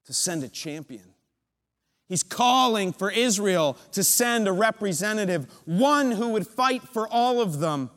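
A man preaching a sermon, retelling a story with dramatic build-up and pauses. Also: sits high, a bit bright, big-room sound.

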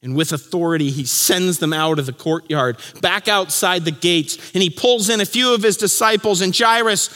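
A man preaching a sermon as pastor, telling the story vividly and dropping to a hush for key lines. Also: sits high, moderate pace, few pauses, long reverb tail.

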